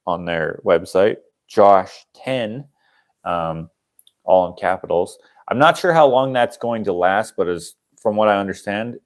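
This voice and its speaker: A young man hosting a casual livestream, rambling and chuckling as he acts out the people in his stories. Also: on the low side. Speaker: channel host.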